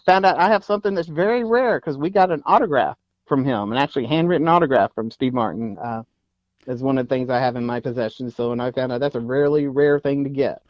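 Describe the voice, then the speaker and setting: A man's voice: mid-range voice, fast talker, no room sound, lo-fi sound. A man from Texas, a guest actor telling stories in a casual interview, rambling with many fillers and restarts.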